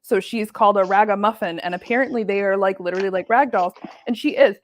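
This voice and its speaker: A woman co-hosting a live sewing stream, chatting and telling animated stories. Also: mid-range voice, quick pace. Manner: chatty storyteller, acts out quotes. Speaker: co-host. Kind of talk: casual chat while sewing.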